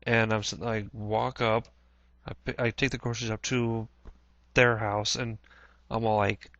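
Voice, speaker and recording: A man vlogging a casual personal recollection, halting with many restarts, clearing his throat often and swearing casually. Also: fairly low pitch, flat delivery, fairly bright tone, no echo, muffled recording. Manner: plain-spoken, swears casually.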